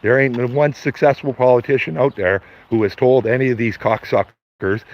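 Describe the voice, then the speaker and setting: A man's voice: mid-range voice, moderate pace, few pauses. Angry ranting man on a dull stream. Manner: heated, profane, repetitive ranting. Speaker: vlogger streaming to viewers. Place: outdoors by his garden. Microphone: phone.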